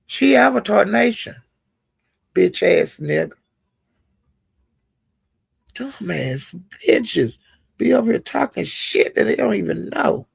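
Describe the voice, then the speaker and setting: Gravelly man dishing profane gossip. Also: sits high, big pitch swings, slow pace, pauses often, dry recording. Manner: talks straight to the people discussed. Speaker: commentator on online live streams. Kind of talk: casual gossip commentary.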